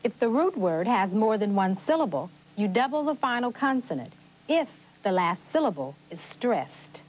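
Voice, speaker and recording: A patient spelling tutor. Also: female voice, medium pitch, sing-song, normal speed, poor audio. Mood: explaining. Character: patient adult woman tutor explaining spelling. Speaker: teacher. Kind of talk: scripted educational TV acting.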